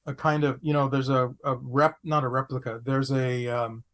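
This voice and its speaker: A man, an actor guest on a podcast, telling anecdotes in an animated way, repeating phrases for comic effect. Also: mid-range voice, normal speed. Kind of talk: anecdotal storytelling.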